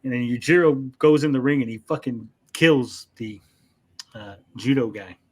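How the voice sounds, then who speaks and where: A man co-hosting an anime review chat, retelling scenes in a lively, profane way with mock voices. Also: medium pitch, moderate pace. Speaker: podcast co-host.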